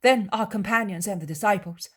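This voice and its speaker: A woman's voice: mid-range voice, brisk, voice pushed up, close to an everyday voice. A woman voicing a young male apostle who presses with eager, insistent questions in a dramatized audiobook. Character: prying, anxious male apostle, young man.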